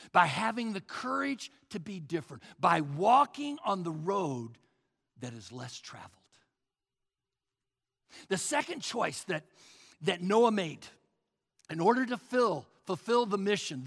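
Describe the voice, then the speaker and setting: A man's voice: high-pitched, creaky, bright, forceful tone, breathy edge, long reverb tail. A male pastor preaching a sermon with emphatic repetition, often addressing the crowd as folks.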